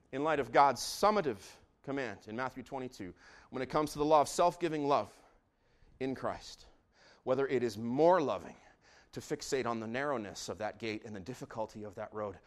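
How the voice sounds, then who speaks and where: A man preaching a sermon with great passion, moving between hushed, intimate lines and loud shouts. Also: medium pitch. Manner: impassioned, swings from hushed to shouting. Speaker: pastor.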